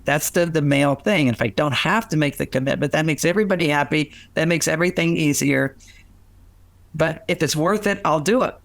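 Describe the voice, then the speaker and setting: An older man giving relationship advice in a lively storytelling way, acting out what people said and laughing often. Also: a little high, dry recording. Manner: animated, acts out quoted voices, laughs often. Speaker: relationship author and guest.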